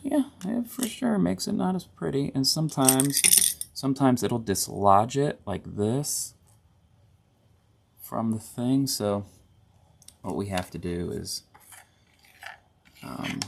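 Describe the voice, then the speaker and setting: Gravelly, low-voiced man chatting casually. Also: lively intonation, takes it slowly, long pauses, slight background noise. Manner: rambling, self-correcting, chatty. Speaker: host of a board gaming channel. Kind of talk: casual hobby tutorial.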